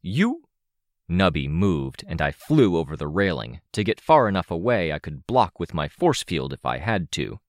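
A man narrating a first-person audiobook in a steady, wry way. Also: low-pitched, moderate pace, hardly any pauses, no echo, studio quality.

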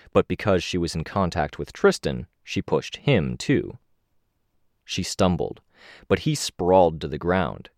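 A man with a very low voice reads a first-person action story as an audiobook narrator. His delivery is steady and measured, lifting slightly on the action beats. The recording is dry and close, with no room sound. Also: no echo.

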